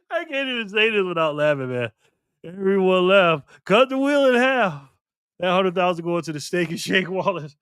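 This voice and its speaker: A man's voice: sits high, animated, measured pace, a bit bright, clean tone, no echo, clean studio sound. A tired man hosting a casual livestream, laughing often as he reads chat aloud. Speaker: livestream host.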